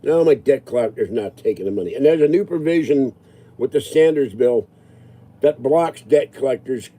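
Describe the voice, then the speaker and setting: A man's voice: medium pitch, expressive, normal speed, mellow. A man in his sixties ranting casually to his viewers, agitated and rambling. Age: 60s. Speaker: livestreamer answering viewers.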